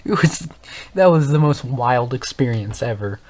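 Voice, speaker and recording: A man's voice: medium pitch, animated, a little slow, darkish tone. Rambling teenage boy telling a story. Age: young teens. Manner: rambling, self-correcting, laughs often. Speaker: gaming channel host. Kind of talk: casual storytelling monologue.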